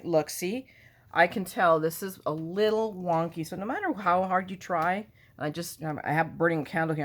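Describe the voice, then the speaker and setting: A woman hosting a card-making tutorial in casual, rambling chat, loud and full of self-joking asides. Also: sits low. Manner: loud talker.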